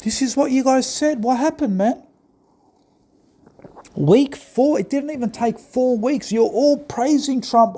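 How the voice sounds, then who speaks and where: A man's voice: very high-pitched, a little slow, dark tone. A man delivering a sarcastic, mocking political commentary monologue, often mimicking the people he criticizes. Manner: sarcastic and mocking, mimics opponents in put-on voices.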